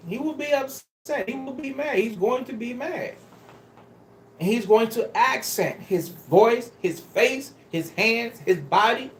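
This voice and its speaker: A man preaches with a lively, swooping delivery, pressing and pleading with his listeners. His phrasing is casual and street-style. The sound bounces around an echoey church room. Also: very high voice, unhurried, a little hiss or hum. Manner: emphatic, pleading and exhorting the congregation. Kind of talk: sermon. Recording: roomy echo.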